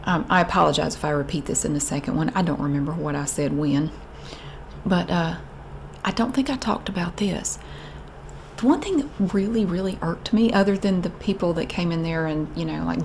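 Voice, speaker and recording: A woman's voice: fairly low pitch, fairly quick, darkish tone, slight background noise. A middle-aged woman telling a wry, exasperated story about an old job in a casual, chatty way. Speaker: vlogger.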